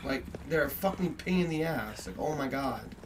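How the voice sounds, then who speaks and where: A young man giving profane commentary over a game, swearing constantly and yelling when startled. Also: mid-range voice, lively intonation, moderate pace. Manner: swears constantly, yells when startled, rambling asides to viewers. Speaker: gameplay streamer. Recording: distant mic with clear background noise.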